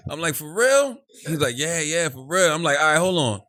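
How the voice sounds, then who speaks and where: A man co-hosting a podcast, telling stories in a casual, animated way, laughing often and acting out the people he quotes. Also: fairly high pitch, brisk. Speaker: podcast co-host. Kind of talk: casual storytelling chat.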